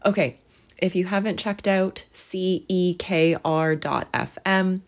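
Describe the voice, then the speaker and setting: A woman's voice: fairly low pitch, slow pace. A woman hosting a solo podcast, rambling and self-deprecating, with lots of fillers. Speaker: podcast host. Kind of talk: casual solo podcast chat.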